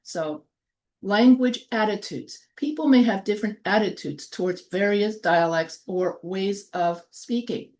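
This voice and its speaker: A college instructor with a New York accent and a medium-pitched, darkish voice gives a recorded online lecture. She explains things in short phrases, partly reading from notes.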